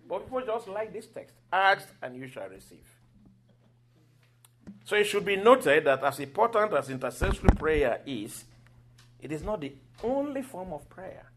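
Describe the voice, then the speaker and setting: Animated preacher man, higher-pitched. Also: slight background noise. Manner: animated storytelling, acting out quoted voices and laughing. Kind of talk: sermon.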